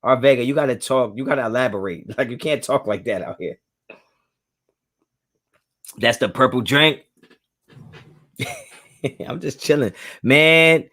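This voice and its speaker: A young man, hosting a live stream and casually reading viewer chat, laid-back and slangy, laughing often and swinging his pitch up and down. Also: moderate pace, pauses often, a bit bright.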